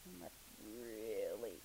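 A woman's voice: extremely low pitch, sing-song, slow, vocal fry, noisy background. A woman instructing a movement class hands-on, coaxing and encouraging, often dropping to a near murmur as she moves around the room.

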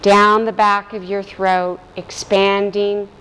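A woman teacher guides a vocal meditation at an unhurried, deliberate pace, her instructions calm and gentle. Her voice sits at an ordinary middle pitch and carries a long, lingering reverb, with faint ambient noise underneath. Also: clear, resonant tone. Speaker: voice and breath teacher.

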